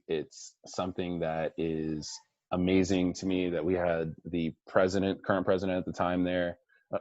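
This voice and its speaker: A man in his thirties telling a sports story to young swimmers in a lively way, acting out quotes and dropping to a hush for reflective moments. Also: sits low, dry recording, muffled recording. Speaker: Olympic swimmer giving a team talk. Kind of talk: animated storytelling speech.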